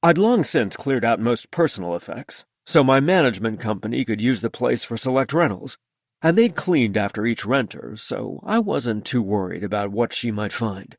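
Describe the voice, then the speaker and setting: A man narrating a story in the first person with a lively, expressive delivery. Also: mid-range voice, moderate pace, vocal fry, no room sound, clean studio sound. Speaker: audiobook narrator.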